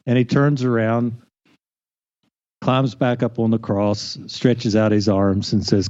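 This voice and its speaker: A man's voice: mid-range voice, fairly even intonation, takes it slowly, darkish tone, dry recording. A man co-hosting a faith podcast, speaking thoughtfully and telling personal stories. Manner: thoughtful, storytelling. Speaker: podcast co-host. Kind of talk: reflective faith podcast chat. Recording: slightly dull lo-fi recording.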